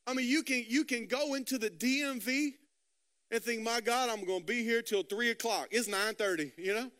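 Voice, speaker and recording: Bright high-voiced male preacher. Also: normal speed. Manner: storytelling with quoted dialogue, repeats words. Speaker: pastor. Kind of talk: sermon.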